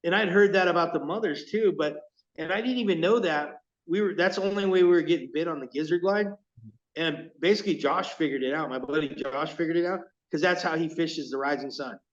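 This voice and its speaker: A California lure maker, appearing as a podcast guest, swaps stories in a casual chat, his fairly high voice moving a little fast. He's animated and acts out the quoted exchanges, though he sits far from the mic and the highs are cut off.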